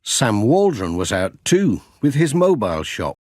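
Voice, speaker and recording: A man's voice: mid-range voice, no room sound, studio quality. A man reading a children's storybook aloud as an audiobook. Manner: slow, expressive reading. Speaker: audiobook reader.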